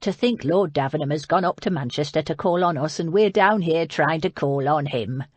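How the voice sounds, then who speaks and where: A woman's voice: low-pitched, moderate pace, darkish tone, breathy edge, dry recording. A woman voicing a blunt, hearty middle-aged businessman with a Northern English accent, in an audiobook. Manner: plainspoken and hearty.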